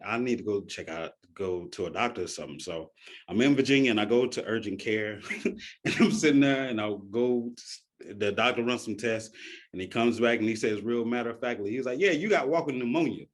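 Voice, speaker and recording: A man telling a personal story in a casual way, often laughing and acting out quoted voices. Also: lowish voice.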